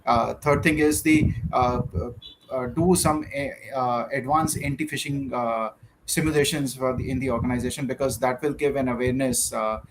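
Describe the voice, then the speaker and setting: A man's voice: mid-range voice, steady tone, normal speed, background noise. A man, speaking as a panelist, hesitant and full of "uh"s. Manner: hesitant, many "uh" fillers. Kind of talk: panel discussion.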